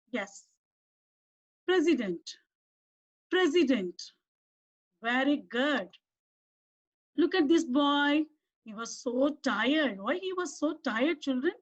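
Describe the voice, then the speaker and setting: A woman teacher with an Indian English accent giving a lesson to young children, coaxing them with questions and asking them to repeat words. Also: high-pitched. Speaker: primary school English teacher. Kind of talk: online class lesson for children. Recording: dull lo-fi recording.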